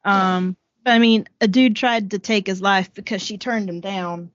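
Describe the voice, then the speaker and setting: A woman's voice: medium pitch, steady tone, moderate pace, no room sound, muffled recording. Southern woman recapping a book. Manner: storytelling, with many "um"s and book quotes. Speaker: podcast co-host. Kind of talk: casual chat, summarizing a book.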